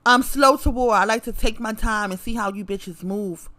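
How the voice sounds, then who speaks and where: A woman with a high, sharp, bright voice rants straight to camera. She is confrontational and profane, and she hammers her points by repeating them. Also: normal speed. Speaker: vlogger. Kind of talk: direct-to-camera rant.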